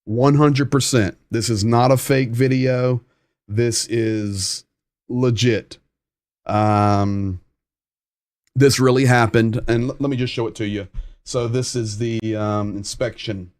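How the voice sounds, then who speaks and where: A man's voice: medium pitch, steady tone, takes it slowly, a little mellow, no room sound, studio quality. A man hosting a live war update stream, translating clips and stressing points by repeating himself. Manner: emphatic, repeats phrases for stress.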